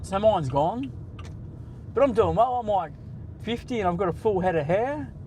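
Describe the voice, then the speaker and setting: A man's voice: high voice, expressive, normal speed, dark tone, slight background noise, low-quality recording. An Australian man in his late forties, hosting a casual, blunt and sweary live stream, bantering with his chat from the driver's seat of a car. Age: 40s. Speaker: livestream host.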